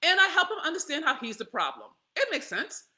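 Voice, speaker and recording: Black woman vlogging, high bright voice, jumps all over the place, cusses and laughs a lot. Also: a little fast. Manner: animated, profane, laughs often, addresses listeners as y'all. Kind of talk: candid personal storytelling to camera.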